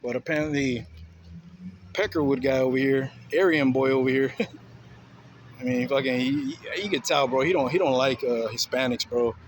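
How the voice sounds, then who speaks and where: A man's voice: medium pitch, moderate pace, rough recording. A man ranting to his phone camera at a bus stop, laughing and saying "bro" constantly. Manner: laughing, slangy, repeats "bro". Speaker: vlogger filming a street confrontation. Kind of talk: casual profane rant to camera. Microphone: handheld phone. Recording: faint outdoor street noise. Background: street and traffic ambience.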